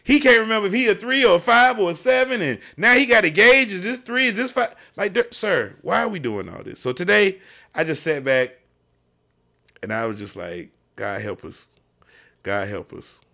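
A man who hosts a podcast and coaches youth football, telling stories in casual chat, animated and profane. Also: sits high, brisk, creaky.

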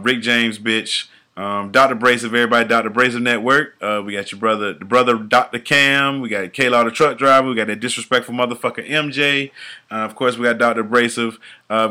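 A man's voice: mid-range voice, bright, forceful tone, clean tone. A married man co-hosting a podcast, bantering loosely with plenty of laughter and profanity, his words often trailing off into mumbles. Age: adult, married. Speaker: podcast co-host. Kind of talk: casual podcast chat.

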